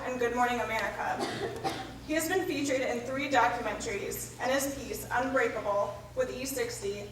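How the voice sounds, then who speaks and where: A woman reading out an introduction of a speaker in a brisk, list-like way. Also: a little high, a bit bright, slight background noise. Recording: very echoey hall, from far off.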